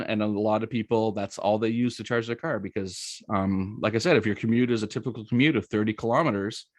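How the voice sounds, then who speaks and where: Chatty Canadian man, low voice. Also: no echo. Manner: chatty, storytelling, lots of fillers and "right?". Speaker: presenter. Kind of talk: casual presentation.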